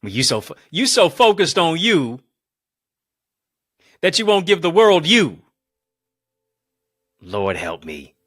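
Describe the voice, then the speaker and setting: A male motivational speaker delivering a preaching-style speech, emphatic and rhythmic with lots of repetition, swinging between booming lines and hushed ones, calling his listeners family. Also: big pitch swings, measured pace, pauses often, husky, no echo, studio quality. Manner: addresses live viewers as family.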